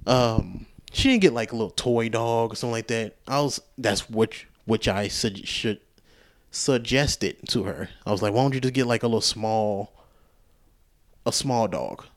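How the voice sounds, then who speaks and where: A man's voice: on the low side, normal speed. A man hosting a casual solo podcast, telling a rambling, profane story with frequent restarts. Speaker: podcast host.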